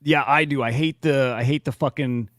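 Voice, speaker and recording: A man's voice: medium pitch, fairly even intonation, normal speed, a bit bright, no room sound. A man hosting a podcast in casual chat, blunt and profane with plenty of restarts. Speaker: podcast host.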